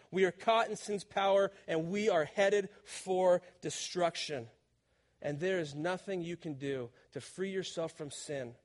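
A man preaching a sermon as a youth pastor, telling a personal story in an animated, self-deprecating way before pressing his point with rising emphasis. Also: high-pitched.

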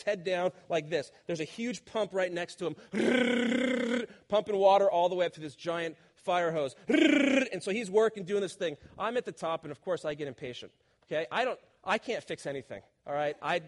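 A man preaching a sermon as a youth pastor, telling a personal story in an animated, self-deprecating way before pressing his point with rising emphasis. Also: high-pitched.

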